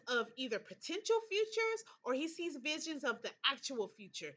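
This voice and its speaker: Animated young woman streamer, bright voice. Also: high voice, moderate pace, few pauses. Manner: animated, talks back to the characters. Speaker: VTuber streamer. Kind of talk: reading a story game aloud with reactions.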